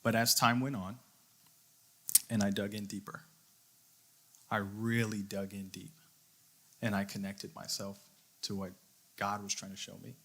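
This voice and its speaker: Earnest man preaching, bright forceful voice. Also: on the low side, level tone, unhurried, vocal fry, long pauses, slight background noise. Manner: earnest storytelling with quoted inner voice. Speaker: youth leader. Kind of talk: sermon.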